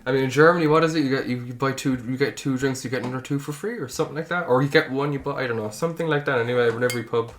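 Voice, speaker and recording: A man's voice: mid-range voice, rapid-fire, hardly any pauses, noisy background. A man in casual podcast chat, talking loosely and rambling, with frequent swearing.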